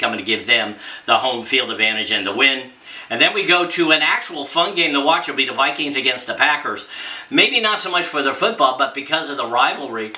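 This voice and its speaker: A man talks through his football picks in a loose, rambling way, full of fillers and opinionated asides. His voice is very bright and forward. The room around him rings with noticeable echo. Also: medium pitch. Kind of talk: casual solo sports picks talk.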